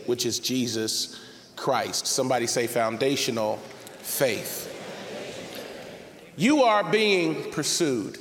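A man's voice: mid-range voice, lively intonation, slow. Man preaching in an echoing hall. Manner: preaching, builds to shouted emphasis. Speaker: pastor. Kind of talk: sermon. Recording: reverberant hall with faint noise.

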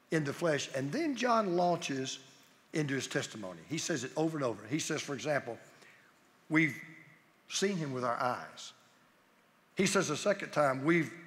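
A middle-aged man preaching, his voice bright and pitched high as he hammers each point with emphatic repetition. The sound carries a long reverb like a big hall. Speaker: pastor. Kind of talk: sermon.

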